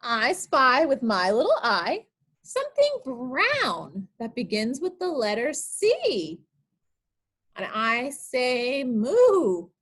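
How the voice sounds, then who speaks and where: A woman's voice: high voice, very animated, slow, fairly bright tone. A woman, a children's librarian, reading picture books aloud during an online storytime, asking small children sing-song guessing questions.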